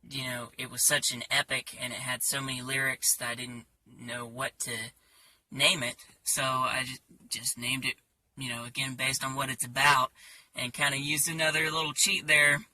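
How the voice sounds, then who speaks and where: A man talking casually about his songs in a halting way, with many fillers and restarts. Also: medium pitch, little pitch movement, sharp tone, far from the mic, slight background noise. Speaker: songwriter.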